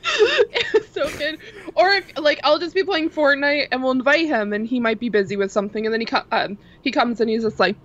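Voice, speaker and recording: A woman guest chatting casually, giggling her way through excitable stories. Her voice is a little high, and her audio sounds slightly dull. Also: brisk. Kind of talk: casual chat.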